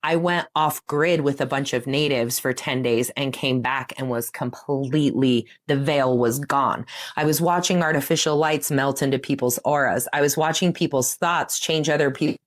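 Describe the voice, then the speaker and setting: A woman appears as a guest on a casual interview podcast, speaking at normal speed in a bass voice. She tells a personal story animatedly, laughing often and breaking off to restart her sentences.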